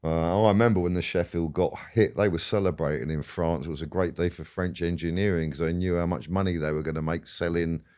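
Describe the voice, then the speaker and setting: Deep-voiced man telling stories. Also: fairly even intonation, brisk, few pauses, a little mellow. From England. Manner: rambling, swears freely, laughs while telling stories. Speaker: guest. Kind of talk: casual storytelling interview.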